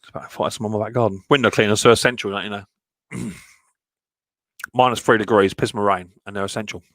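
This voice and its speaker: A man's voice: fairly low pitch, fairly even intonation, a little fast, a bit bright, no room sound, clean studio sound. A man hosting a live stream in a casual, chatty way, greeting viewers one by one with plenty of ums.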